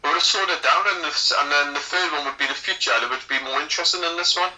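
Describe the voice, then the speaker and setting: A man's voice: a little high, fast talker, sharp tone, faint music behind, rough recording. A man co-hosting a casual film commentary podcast, joking and poking fun at himself. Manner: joking, self-mocking. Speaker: podcast co-host.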